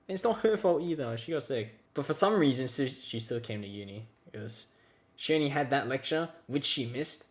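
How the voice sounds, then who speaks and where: Young male storyteller, sarcastic, exasperated, pitch leaps all over. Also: animated, fairly quick, a bit bright. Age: young adult. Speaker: vlogger. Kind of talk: storytime rant.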